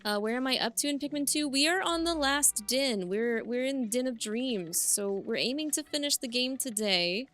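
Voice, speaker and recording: A young woman streaming a game live, commenting in an excitable way, often yelling, swearing and laughing at the screen. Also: sits high, normal speed, hardly any pauses. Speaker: VTuber streamer.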